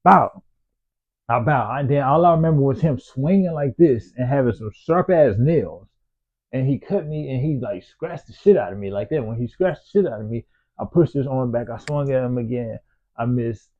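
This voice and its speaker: Man, casual storytelling, profane and slangy, mid-pitched, tinny phone-like sound. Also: normal speed. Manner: loose, profane, slangy, with frequent restarts.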